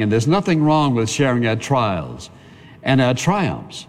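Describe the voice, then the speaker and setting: A man's voice: medium pitch, huge pitch swings, a little slow, a little hiss or hum. Preaching man in a reverberant hall. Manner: earnest, conversational preaching with repetition. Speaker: pastor. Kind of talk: sermon. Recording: long reverb of a big hall.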